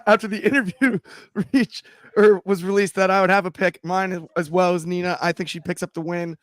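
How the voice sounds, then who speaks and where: High-voiced chatty male host. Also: steady tone, fairly quick, fairly bright tone, dry recording. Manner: upbeat, chatty, laughs easily. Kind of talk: casual watchalong chat.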